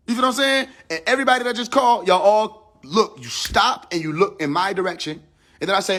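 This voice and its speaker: High-pitched man preaching on a live stream. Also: lively intonation, quick pace, pushed and bright. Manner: preachy, rhetorical questions, swings from high emphatic lines to low asides; casual speech with slang and profanity. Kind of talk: spiritual teaching on a live stream.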